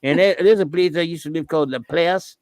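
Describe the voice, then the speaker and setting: A man's voice: a little high, brisk, a little mellow, no room sound. A man from Louisiana, hosting a casual livestream chat and breaking into a Cajun impression. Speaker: host.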